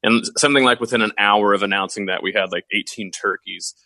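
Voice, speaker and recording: Bright-voiced jokey male radio host. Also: lowish voice, fast, no echo, low-quality recording. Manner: jokey, folksy, addresses listeners as folks. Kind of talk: casual radio talk chat. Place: studio.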